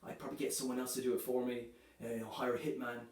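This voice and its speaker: A man performing a stand-up comedy set, delivering dark jokes in a loose, chatty way, filling his lines with "you know" and "right". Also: medium pitch, flat delivery, very fast. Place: comedy club stage. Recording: echoey room, voice from a distance.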